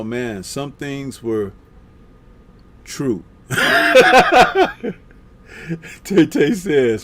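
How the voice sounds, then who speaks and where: A man hosting a boxing talk live stream, chatting casually and reading out viewer comments with a laid-back, drawn-out delivery. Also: a little high.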